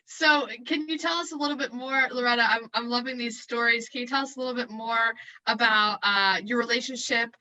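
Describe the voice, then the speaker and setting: A woman hosts a webinar interview and asks her guest encouraging questions over a video call. Her voice is very bright and a little high. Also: fairly quick, few pauses, dull audio.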